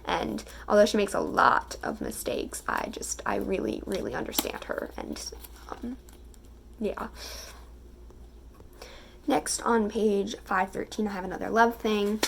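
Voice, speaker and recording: Gushing young woman with vocal fry. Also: medium pitch, big pitch swings, measured pace, long pauses, slight background noise. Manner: chatty and gushing, with filler words and giggles. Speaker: book vlogger. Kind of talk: casual reading vlog, reading passages aloud.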